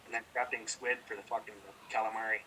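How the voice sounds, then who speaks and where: Fast-talking man telling a heated story. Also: fairly low pitch, level tone, sharp tone, distant mic, a little hiss or hum, low-quality recording. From British Columbia, Canada. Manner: profane, rambling, heated. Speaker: podcast co-host. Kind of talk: casual storytelling chat.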